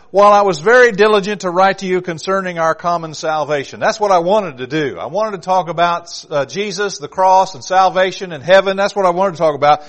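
A man's voice: sits high, fairly quick, few pauses, a bit bright. A man preaching an evening sermon, reading scripture aloud and driving his points home with emphasis. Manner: emphatic, reads scripture aloud with rising force.

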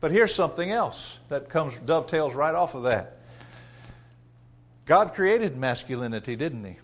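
A man delivering a sermon in a fairly high voice. He reads scripture with rising force and slows for emphasis, then drops his voice low for rhetorical questions to the congregation. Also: very animated. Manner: drops to quiet rhetorical asides. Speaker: preacher.

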